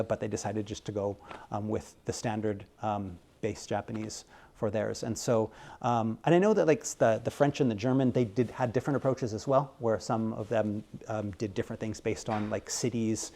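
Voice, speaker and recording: An American man talking through interview answers at an ordinary pitch. He rambles along with plenty of ums and likes, and keeps his delivery lively. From United States. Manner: rambling, filler-heavy, animated. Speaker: game localization director.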